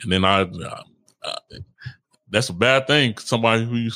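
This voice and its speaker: A man's voice: mid-range voice, moderate pace, bright, forceful tone, dry recording. A man co-hosting a casual relationship podcast, talking in slang, repeating himself and laughing often. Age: adult, older than co-host. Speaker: podcast co-host.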